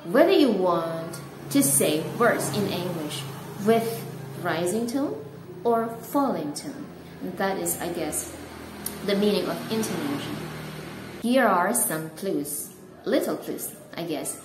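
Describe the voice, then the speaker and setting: A woman with an Indonesian accent talks through an English lesson in an easygoing, slow way, chatty and self-amused. Her voice sits at a middle pitch. The room is echoey, and a steady noise runs behind her. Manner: relaxed and chatty, laughs at herself. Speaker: English teacher. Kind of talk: casual video lesson.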